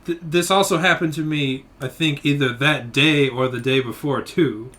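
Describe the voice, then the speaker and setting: Man, podcast co-host, bright tone, slightly high, casual storytelling, swears a lot, does impressions. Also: moderate pace. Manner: swears freely, mimics people while telling stories.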